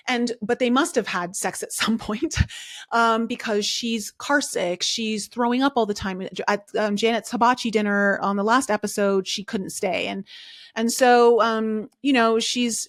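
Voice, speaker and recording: A woman's voice: on the high side, a bit bright, no echo, clean studio sound. A woman hosting a podcast, recapping a reality show in a casual, chatty way full of fillers and strong opinions. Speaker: podcast host.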